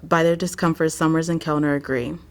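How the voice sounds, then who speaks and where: A woman narrating quietly and observationally, describing how her subject acts. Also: deep voice, fairly even intonation, a little fast.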